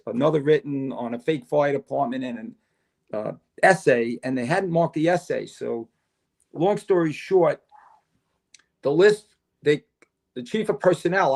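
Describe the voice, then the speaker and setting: A man's voice: fairly high pitch, gravelly. An older man, a podcast guest telling long stories and acting out the conversations in them. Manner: animated storyteller, acts out dialogue. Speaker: podcast guest, retired fire chief. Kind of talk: casual storytelling interview.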